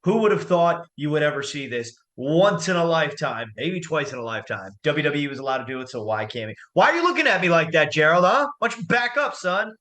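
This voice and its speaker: A man's voice: a little high, lively intonation, quick pace, few pauses, bright, forceful tone. A man hosting a comedic wrestling predictions show with hammy announcer flair. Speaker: host.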